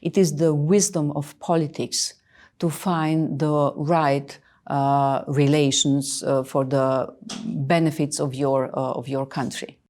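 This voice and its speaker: A woman in her sixties answering interview questions earnestly, emphatic and often pausing with fillers. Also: sits low, flat delivery, darkish tone. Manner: emphatic, hesitant with many fillers. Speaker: interviewed official.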